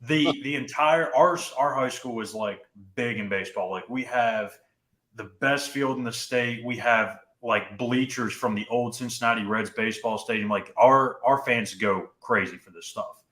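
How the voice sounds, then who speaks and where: A man's voice: mid-range voice, moderate pace, a bit bright, roomy sound. A young man co-hosting a sports podcast, telling a story casually and often saying "dude" and "like". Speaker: podcast co-host.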